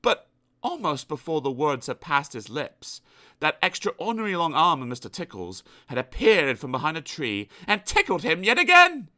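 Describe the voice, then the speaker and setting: A man's voice: on the high side, huge pitch swings, normal speed, sharp tone. A man narrating a children's storybook aloud with playful asides to the listener. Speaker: audiobook narrator.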